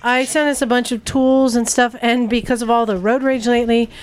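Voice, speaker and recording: A woman's voice: on the high side, steady tone, brisk, clear, resonant tone. A woman co-hosting a motorcycle podcast, upbeat and playfully teasing in casual chat. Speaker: podcast co-host.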